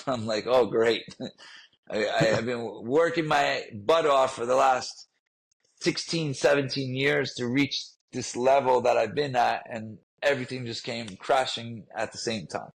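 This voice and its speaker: A man's voice: mid-range voice, unhurried, gravelly, poor audio. A man telling a personal story in a podcast interview, earnest and emotional, often repeating himself. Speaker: guest, fitness trainer.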